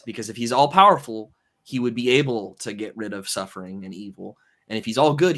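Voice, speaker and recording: A man's voice: medium pitch, fairly bright tone. A man hosting a livestream panel, laying out an argument step by step with frequent fillers. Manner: measured, explains step by step with many fillers. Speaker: host and moderator. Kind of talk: casual panel discussion.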